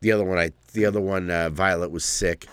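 A man's voice: deep voice, fairly even intonation, quick pace, a bit bright, smooth, no echo. A middle-aged man hosting a podcast in casual banter, rambling, swearing freely and laughing often. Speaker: podcast host.

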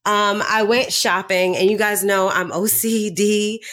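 A young woman co-hosting a podcast, telling a story with animated quoted dialogue in casual chat. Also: mid-range voice, measured pace. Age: young adult. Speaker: podcast co-host.

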